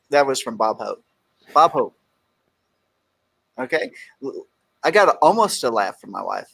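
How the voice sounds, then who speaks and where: A middle-aged man hosts a casual talk show, cracking jokes and punching up each quote he reads. His voice sits a bit high for a man. He comes from Texas. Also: fairly bright tone. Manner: jokey, reads quotes aloud with emphasis. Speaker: radio show host.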